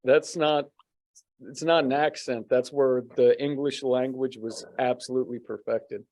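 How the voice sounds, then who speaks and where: An American man chatting loosely, cracking jokes and swearing casually. His voice sits at an ordinary middle pitch. He asks questions in a teasing, playful way. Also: fairly even intonation, unhurried, darkish tone, no echo. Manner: joking, profane, teasing. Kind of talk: casual chat.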